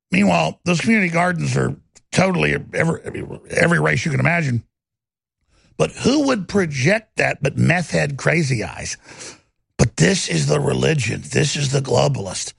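Brief: high, gravelly middle-aged male commentator, scornful. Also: expressive, moderate pace, fairly bright tone, no echo, studio quality. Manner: scornful, rambling, mocking. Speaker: host. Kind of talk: combative political commentary.

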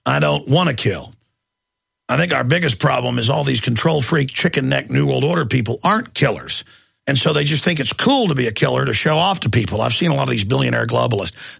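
A man's voice: mid-range voice, creaky, a bit bright, husky, dry recording. A man hosting a talk radio show, delivering an intense, combative monologue.

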